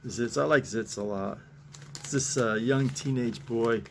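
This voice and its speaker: A man talks slowly and loosely, his voice gravelly with fry. He keeps chuckling at what he reads and wanders along with plenty of fillers. A faint ambient hiss sits under the recording. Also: mid-range voice. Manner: chuckling often, rambling with many fillers. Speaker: host reading comics. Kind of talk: casual chat.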